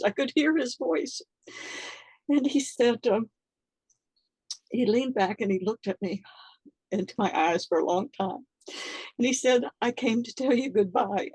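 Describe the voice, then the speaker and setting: An older woman telling a personal story in an interview, halting and earnest, with many fillers, close to tears. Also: a little high, darkish tone, slightly rough, dry recording, low-quality recording. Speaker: interview guest.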